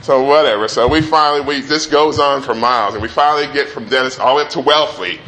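A middle-aged father telling a personal anecdote in a relaxed, animated way, acting out the voices. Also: mid-range voice, quick pace. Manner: animated, acts out the voices in his story. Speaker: storyteller.

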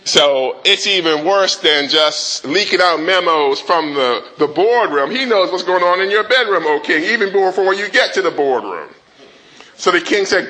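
Bright-voiced male preacher. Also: on the high side, moderate pace, poor audio. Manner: animated, call-and-response with the congregation; dramatizes the king's rant in a rising voice. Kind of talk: sermon.

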